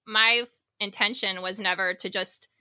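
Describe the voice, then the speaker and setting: A woman's voice: medium pitch, steady tone, unhurried, sharp tone, no room sound, clean studio sound. A woman co-hosting a podcast in casual, rambling chat, full of fillers and jokes. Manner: rambling, filler-heavy, joking. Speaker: podcast co-host.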